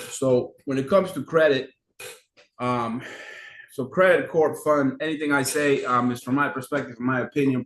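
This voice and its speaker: A man giving a casual, animated business funding lesson, firing rhetorical questions and restarting his sentences often. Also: medium pitch. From New York. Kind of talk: casual teaching monologue. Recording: echoey room, mic at a distance.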